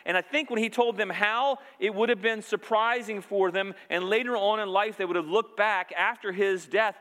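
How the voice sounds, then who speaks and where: A man's voice: high voice, steady tone, normal speed, fairly bright tone, in a large hall. A male pastor preaching a sermon, retelling scripture scenes earnestly and quoting the lines as he goes.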